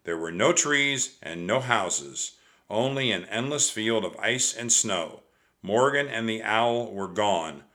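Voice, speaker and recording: Male audiobook narrator, measured and expressive, unhurried with a bright tone. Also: lowish voice.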